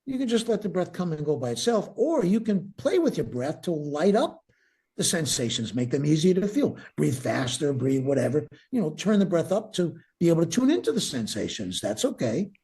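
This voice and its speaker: An older man, a breathwork teacher, calmly leads a guided breathing meditation, repeating his cues as he goes. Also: a little high, normal speed, slightly rough. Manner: calm, instructive, repeats cues.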